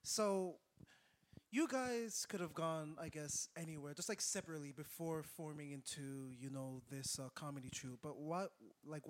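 An easygoing male host in a casual interview, his voice sitting a little high. He asks loose, rambling questions with plenty of fillers.

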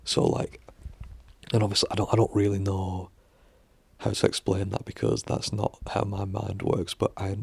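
A man muses aloud in a loose, rambling monologue, circling back on himself and dropping the odd swear word. His voice is deeply gravelly and husky. It sits a little low, and the recording is dry and close. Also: level tone, moderate pace, a little mellow, no echo. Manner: musing, full of fillers and restarts, swears casually. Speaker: vlogger.

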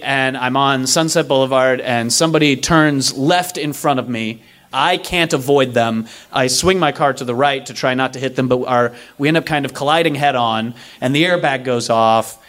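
A young man telling a comedic story live on stage, acting out the other people's lines in an animated way. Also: mid-range voice, normal speed. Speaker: stand-up storyteller. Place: live stage before an audience.

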